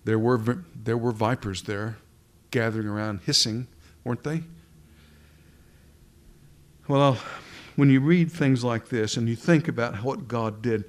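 A man preaching a sermon into a pulpit microphone, slowing down for emphasis and sometimes dropping to a hush. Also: mid-range voice. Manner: dramatic preaching, slows down for emphasis, drops to a whisper at times.

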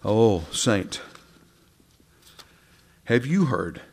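Male preacher, gravelly, impassioned delivery with sudden soft drops. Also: on the low side, sing-song, drawn-out words. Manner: impassioned, rising and dropping to soft. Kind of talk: sermon.

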